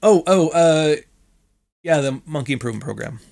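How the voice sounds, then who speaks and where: A man's voice: fairly high pitch, lively intonation, normal speed, gravelly, a little mellow. A Canadian man hosting a livestream, talking in a blunt, rambling way and swearing freely. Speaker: stream host. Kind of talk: casual livestream commentary.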